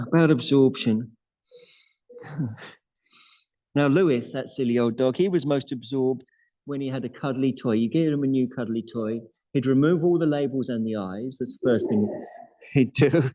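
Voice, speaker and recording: A man's voice: mid-range voice, moderate pace, long pauses, warm tone, poor audio. A man guiding a live yoga class in a studio, chatty and playful, laughing often. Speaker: yoga teacher.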